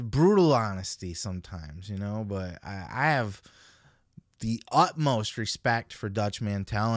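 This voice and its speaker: A man's voice: medium pitch, a bit bright, no room sound, studio quality. A man hosting a podcast, giving casual solo commentary in a blunt, profane, opinionated way. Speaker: podcast host.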